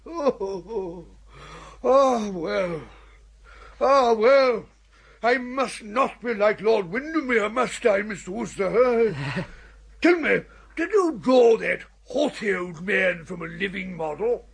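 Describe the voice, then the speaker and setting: An actor playing an elderly, sentimental lord with a high, creaky, husky voice and giggly exclamations, in a radio comedy. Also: male voice, expressive, takes it slowly, full character voice. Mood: delighted. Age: older. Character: elderly pompous male lord, sentimental and easily flattered. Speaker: uncle of the hero.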